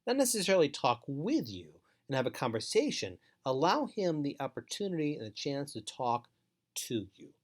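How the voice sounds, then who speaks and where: A man giving an instructional talk to foster parents, speaking in a measured, emphatic way and repeating key points. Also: a little high, very animated. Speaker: foster care trainer.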